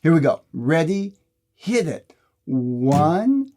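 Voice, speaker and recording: A man's voice: fairly high pitch, big pitch swings, slow pace, mellow. A man giving a guitar lesson, explaining rhythm and counting the beats aloud in a friendly way. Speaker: guitar teacher. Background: guitar strumming.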